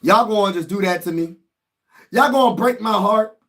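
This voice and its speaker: A man hosting a casual live stream, reacting excitably and talking straight to his chat in slangy speech, moving from low muttering to loud shouts. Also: moderate pace. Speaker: livestream host.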